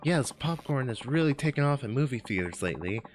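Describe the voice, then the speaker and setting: A man streaming a game, chatting casually, laughing often and thinking out loud as he works through clues. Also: medium pitch, lively intonation, slight background noise. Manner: laughs often, thinks aloud, spells words out slowly. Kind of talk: casual gameplay chat. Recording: faint game music behind.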